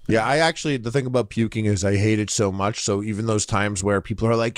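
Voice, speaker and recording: A man's voice: lowish voice, fast, no echo, clean studio sound. Blunt, swearing podcast host, a man. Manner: blunt, profane banter. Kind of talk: casual chat.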